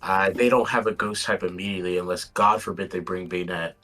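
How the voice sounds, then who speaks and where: A man joining as a guest in a casual strategy chat, relaxed and hesitant, often trailing off mid-thought. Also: deep voice, brisk.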